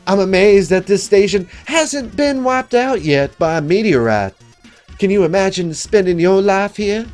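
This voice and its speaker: A man's voice: high-pitched, sing-song, a little slow, a little mellow, soft background music, voice pushed up. A man voicing a folksy fishman freighter captain with a put-on Southern American twang, easygoing and chatty. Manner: easygoing, chatty advice-giving.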